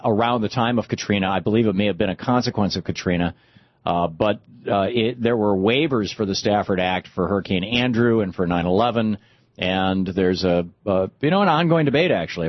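A man with a low voice hosts a talk show, talking politics in a loose, rambling way full of fillers and restarts. The sound is dry and close, and a little dull and lo-fi. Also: no echo. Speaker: talk radio host. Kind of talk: casual political commentary.

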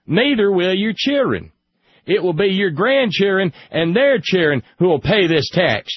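A man putting on a mocking folksy redneck voice, high and drawling, over dull lo-fi audio. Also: big pitch swings, measured pace, dry recording, heavily acted. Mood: mock solemn. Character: folksy rural Southern-sounding man, mocking caricature.

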